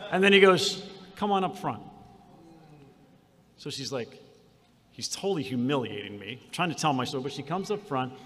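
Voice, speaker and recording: A man preaching a sermon, moving from quiet storytelling to shouted declarations. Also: medium pitch, animated, normal speed, long pauses, big-room sound, slight background noise. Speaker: pastor. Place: conference hall.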